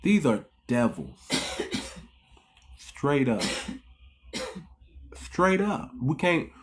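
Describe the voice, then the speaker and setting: A channel host in an impassioned commentary monologue, with a voice of middling pitch. The delivery is heated and repetitive, full of emphatic restarts. The host keeps putting rhetorical questions to the viewers and calls them family. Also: big pitch swings, drawn-out words.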